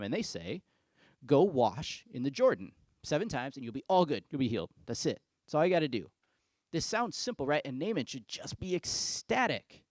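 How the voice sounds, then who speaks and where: A male pastor giving a sermon, reading scripture and retelling it in a casual, conversational way with lively asides. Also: medium pitch, creaky, no room sound.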